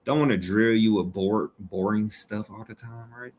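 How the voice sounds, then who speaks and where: A man's voice: on the low side, normal speed, a little mellow, a little hiss or hum. A man from Georgia hosting a live stream, reading chat aloud and joking. He talks casually and playfully, repeating his phrases.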